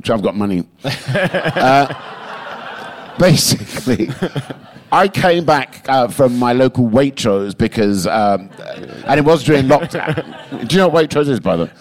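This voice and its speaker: A man from London, a podcast guest in casual chat, telling stories with lots of swearing and animated swings. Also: mid-range voice, measured pace.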